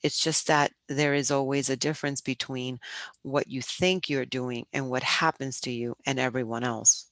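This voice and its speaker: A woman's voice: extremely low pitch, steady tone, normal speed, fairly bright tone, dry recording. A woman voicing a worried female teacher in a storybook reading, calling out and fussing anxiously. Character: worried adult woman teacher on a field trip.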